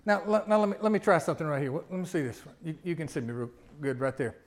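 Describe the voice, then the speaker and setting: Middle-aged male pastor, high voice, chatty sermon delivery with rhetorical questions that swells to loud emphatic climaxes. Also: lively intonation, quick pace. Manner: conversational preaching, rising to loud emphatic peaks, frequent rhetorical questions.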